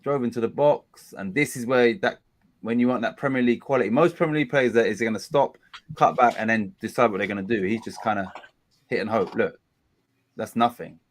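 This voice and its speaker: A man, hosting a casual live watchalong of a football match. He complains about dull play and gets excited during attacks. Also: medium pitch, fairly quick. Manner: chatty, groans at a dull game, excited bursts at attacks. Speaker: watchalong host.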